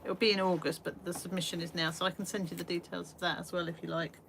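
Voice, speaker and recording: Lady streaming from her little shed, chatty and rambly, bit of a lower voice. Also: flat delivery, fast talker, gravelly, fairly bright tone. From England. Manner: chatty, self-deprecating, rambling with fillers. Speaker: art livestream host. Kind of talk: casual live stream chat. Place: small garden shed studio. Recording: faint background noise.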